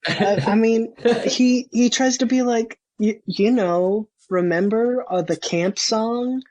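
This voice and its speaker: A woman's voice: fairly high pitch, slow pace, darkish tone. A woman who is a guest on a podcast, giving blunt, emphatic opinions about a film. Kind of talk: casual film discussion.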